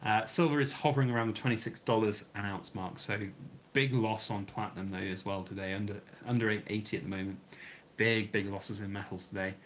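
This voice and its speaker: British guy rambling on a live stream, voice going a bit hoarse, faint hum behind. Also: on the low side, fairly even intonation, a little fast, a bit bright. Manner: rambling, chatty, reads out viewer comments. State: starting to lose his voice. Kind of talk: casual live stream chat.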